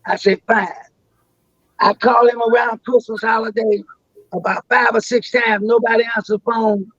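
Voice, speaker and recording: A man's voice: very high voice, steady tone, normal speed, a bit bright, no echo, muffled recording. An older man telling long stories as a guest on a live interview, rambling and restarting his words.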